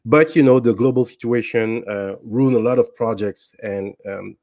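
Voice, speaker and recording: A man recounting a personal story as an interview guest, in an easygoing, unhurried way. His voice sits at a middling pitch, and he pauses with ums and restarts as he goes. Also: dry recording. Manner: relaxed, anecdotal, with frequent ums and restarts. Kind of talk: casual storytelling.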